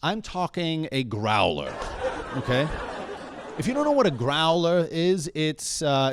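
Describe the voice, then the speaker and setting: A man's voice: fairly high pitch, dry recording. A young man performing a stand-up comedy set on a comedy bar stage. He talks conversationally and keeps checking in with the crowd.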